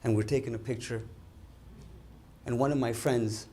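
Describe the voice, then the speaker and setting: A man telling stand-up jokes at a community dinner, acting out characters in animated quoted voices. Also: mid-range voice, moderate pace. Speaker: comedian at a dinner. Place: event hall with a live audience.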